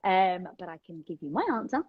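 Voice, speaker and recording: In a casual phone livestream from her home, a British woman fields viewer questions with energetic, open chatter. Her lowish voice has lively intonation and a breathy edge, moving fairly quickly, while the highs in the audio are cut off.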